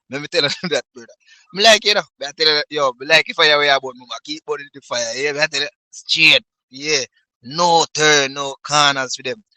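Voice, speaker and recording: A Jamaican man giving a heated, animated commentary in patois, in a casual ranting style. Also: mid-range voice, dry recording. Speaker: online commentator.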